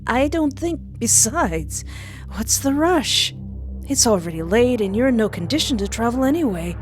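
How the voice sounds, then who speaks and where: A woman voicing a gentle young man who is nervous and guilty, stammering and apologizing in a narrated story. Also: fairly high pitch, big pitch swings, normal speed, faint music behind, pitched above the performer's own voice. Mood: evasive.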